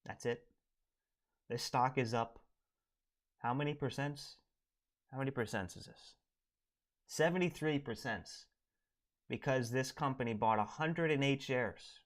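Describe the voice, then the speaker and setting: A man at a mid-level pitch talks through a live trading stream in a loose, casual way. He thinks out loud as he goes, and his voice sinks into quiet mumbles when he trails off. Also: measured pace, pauses often.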